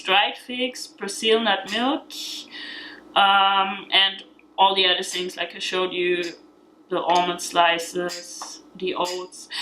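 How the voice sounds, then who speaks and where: In her home kitchen, an Austrian-accented woman demonstrates a recipe in a casual, talkative way, laughing often and using lots of fillers. Her mid-range voice has a sharp tone, and the low-quality recording carries slight background noise.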